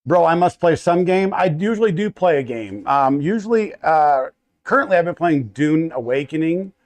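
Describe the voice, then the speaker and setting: A fairly high-voiced American man in his thirties chats live to his viewers from a home workshop. He rambles, welcomes people by name and trips over his words as he goes. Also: expressive, moderate pace. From United States. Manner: rambling, greets chatters warmly by name, stumbles and restarts. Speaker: livestream host. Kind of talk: casual live chat with viewers.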